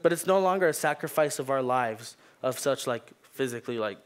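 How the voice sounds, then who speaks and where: A man's voice: medium pitch, lively intonation, a little fast, clean tone. A young man preaching a sermon in a church, casual and joking, with many fillers. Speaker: youth preacher, pastor's kid. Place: church sanctuary.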